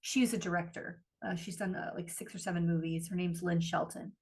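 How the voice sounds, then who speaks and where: A woman's voice: lowish voice, steady tone, a little fast, a little mellow, husky. A woman co-hosting a podcast, chatting casually and animatedly, gushing and swearing freely. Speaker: podcast co-host. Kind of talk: casual chat.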